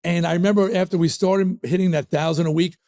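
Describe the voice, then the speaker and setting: His voice is high and fast as this rock singer from around New York tells stories during a casual interview. He comes across as emphatic and animated.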